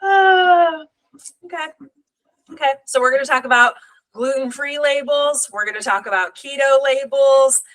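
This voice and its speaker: A woman's voice: sits high, fairly even intonation, normal speed, a bit bright, low-quality recording. A woman hosting a casual live stream as a nutrition coach, blunt and swearing freely as she rallies her viewers.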